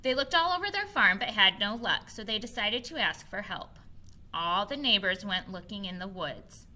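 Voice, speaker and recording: A woman teacher, recording on her own camera, walks young children through a model reading lesson at a medium pitch. Patient and expressive, she slowly goes back over the main points.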